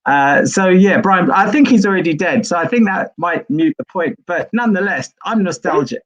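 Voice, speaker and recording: A man's voice: high-pitched, lively intonation, normal speed, a bit bright, highs cut off. A man in his forties on a comedy chat show, doing an impression of a friend's voice as a running joke. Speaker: co-host.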